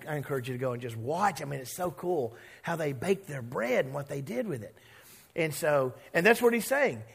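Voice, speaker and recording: A man preaching a sermon as a pastor, conversational and animated, acting out voices of characters and coaxing the congregation to repeat words. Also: a little high, creaky, slightly rough, in a large hall.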